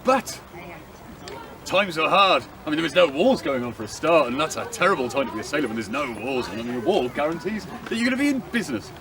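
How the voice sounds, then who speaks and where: A man's voice: on the high side, big pitch swings, quick pace. A man telling a story to an audience at an outdoor event, playful and theatrical, with comic asides. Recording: distant mic outdoors with crowd noise.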